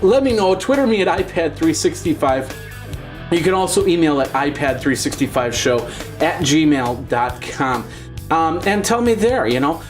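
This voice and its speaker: A man's voice: on the high side, expressive, normal speed, soft background music. A man hosting a tech show, giving a chatty, upbeat gadget demo with lots of fillers and restarts.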